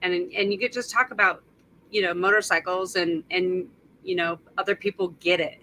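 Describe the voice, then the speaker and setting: A woman's voice: on the low side, fairly even intonation, moderate pace, bright, forceful tone, a little hiss or hum, poor audio. A woman guest vlogger in a casual interview chat, hesitant and often searching for words.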